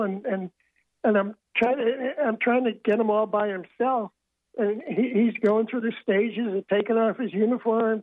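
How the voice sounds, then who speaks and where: A man's voice: sits high, dry recording. An older man, a book author, telling long rambling anecdotes as a radio interview guest, often restarting his sentences. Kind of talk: phone-in radio interview storytelling. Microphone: telephone. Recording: tinny phone line.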